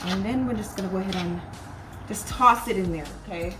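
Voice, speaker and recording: Music runs in the background as this California woman cooks in her home kitchen, chatting informally and calling her audience "y'all" a lot. As a cooking vlogger, she talks a little fast in a medium-pitched voice.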